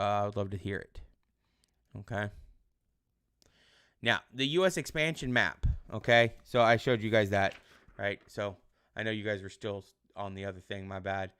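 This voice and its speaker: A male teacher giving casual online class instructions in a relaxed, rambling way with many fillers. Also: fairly low pitch, moderate pace, clean tone.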